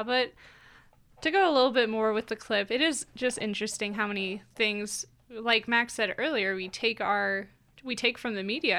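A woman's voice: medium pitch, pushed and bright. A young woman co-hosting a radio talk show, chatty and thoughtful in casual conversation. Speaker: radio co-host.

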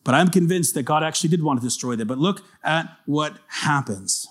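Emphatic pastor, a man with a higher voice. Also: lively intonation, a little fast. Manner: emphatic, speaks directly to the congregation. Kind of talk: conversational sermon.

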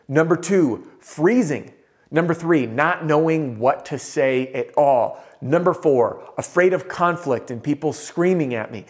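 A man giving a motivational talk as a sales coach, telling a story with animated delivery and shifting pace. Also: mid-range voice.

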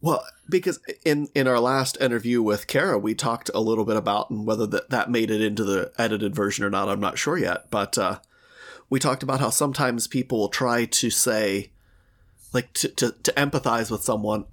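A man's voice: fairly low pitch, fairly bright tone. A man hosting a podcast, chatting casually in an interview and often stopping to restart his sentences. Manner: self-deprecating, halting, with frequent restarts. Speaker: podcast host.

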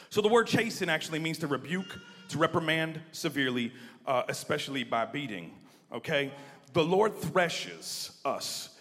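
A man preaching with fervor in a church hall, his slightly higher-than-usual voice ringing out with a long reverb. He swings from hushed asides to loud, emphatic calls and asks the congregation to repeat his words. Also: big pitch swings, normal speed. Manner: building from quiet asides to near-shouted emphasis; leads the congregation in call-and-response. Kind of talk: sermon.

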